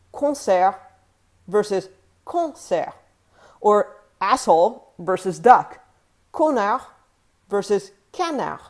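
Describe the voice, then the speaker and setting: American woman host, clear and emphatic, explains French sounds to camera. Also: medium pitch, a little mellow. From United States. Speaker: language vlogger. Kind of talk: scripted teaching vlog.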